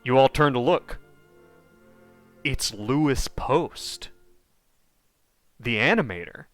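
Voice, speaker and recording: A game master with a mid-range voice and lively intonation guides players through a horror tabletop session. He stumbles through the narration with lots of fillers, frequently lowering to a whisper, while soft music runs underneath.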